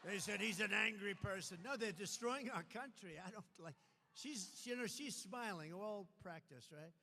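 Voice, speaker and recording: An older man drives home his points at a rally, repeating himself and raising his voice, his tone gravelly and sharp. The sound bounces around a big echoey hall, with faint ambience behind him. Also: high voice, moderate pace, slight background noise. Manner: repetitive, emphatic, shouting at times. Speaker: political speaker. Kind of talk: rally speech.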